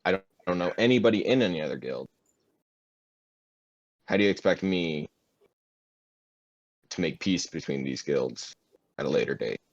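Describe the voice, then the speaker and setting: A very deep-voiced man speaking as his character in a tabletop game, hesitant and defensive. The sound is dry and dull, like a lo-fi mic with no room around it. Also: animated, moderate pace, long pauses, no room sound. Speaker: player.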